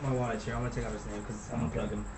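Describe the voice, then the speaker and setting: A man's voice: on the low side, little pitch movement, very fast. A young man from Laredo, Texas, telling a long story in a rambling, profane way that trails off into mumbles. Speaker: podcast co-host telling a story. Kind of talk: casual storytelling. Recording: roomy room, mic at a distance, faint hiss.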